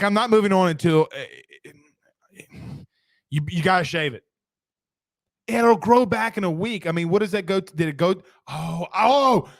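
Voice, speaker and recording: A man hosting a casual sports talk show, emphatic and quick, reading viewer comments aloud and ribbing his co-host. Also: sits high, a bit bright, no echo, studio quality.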